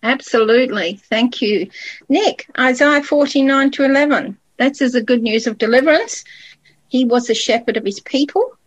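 Woman, Bible study leader, higher voice, dry close sound, guides and questions the panel. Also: normal speed, slightly rough, no echo, low-quality recording. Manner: guiding, asks the panel questions. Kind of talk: group Bible study discussion.

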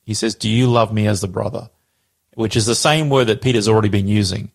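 Gravelly man explaining scripture. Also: fairly low pitch, brisk. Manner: explains scripture animatedly, acting out quotes. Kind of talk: casual Bible discussion.

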